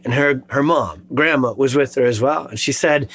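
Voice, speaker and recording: Chiropractor guy, kinda high voice, earnest pep talk for moms. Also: normal speed, few pauses, a bit bright, husky. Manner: earnest, encouraging, tells patient stories. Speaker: chiropractor and show host. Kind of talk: motivational health talk. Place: clinic in the Chicago suburbs.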